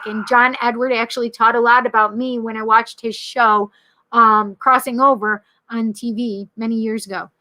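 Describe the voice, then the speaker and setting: A woman in her thirties from the Rochester area, hosting a casual livestream as a psychic medium, chatty and quick to laugh, acting out the people she quotes. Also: a little high, bright, forceful tone. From Rochester area, New York. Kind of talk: casual livestream chat, reading viewer comments.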